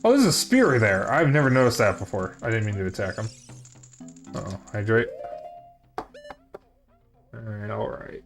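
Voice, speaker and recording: A man's voice: fairly low pitch, lively intonation, normal speed, gravelly, pauses often, faint music behind. A man streaming a video game, chatting casually and jokingly to his viewers as he plays. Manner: rambling, jokey, talks to chat. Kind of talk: casual live-stream commentary.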